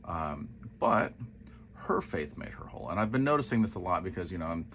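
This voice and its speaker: A man's voice: low voice, sing-song, a little fast, fairly bright tone, a little hiss or hum. A man casually reflecting on a Bible passage, retelling it in a conversational way with quoted voices and musing asides. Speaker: Christian social media speaker.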